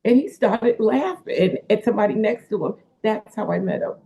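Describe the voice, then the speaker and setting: A woman's voice: mid-range voice, moderate pace, vocal fry, dark tone, breathy edge. A woman, a wrestler's manager and caretaker, telling a story in a rambling way with many fillers, heard over a phone-like line. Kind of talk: casual interview storytelling.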